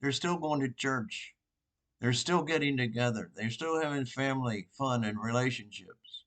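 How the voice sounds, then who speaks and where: An older man, a priest, giving an informal, rambling sermon reflection with pauses and restarts. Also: mid-range voice, a bit bright.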